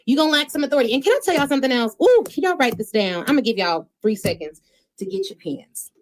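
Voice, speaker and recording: A woman's voice: high-pitched, sing-song, quick pace. Emphatic woman hosting a motivational podcast. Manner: emphatic, preachy, playful, slips into informal slang. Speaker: podcast host and speaking coach. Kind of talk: motivational solo podcast talk.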